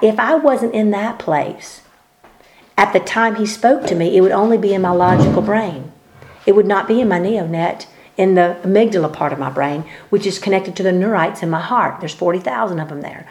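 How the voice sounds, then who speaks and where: A woman's voice: medium pitch, darkish tone. A woman giving a fervent, preaching-style talk in conversation, emphatic and repeating her words as she builds to peaks. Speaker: speaker sharing faith teaching.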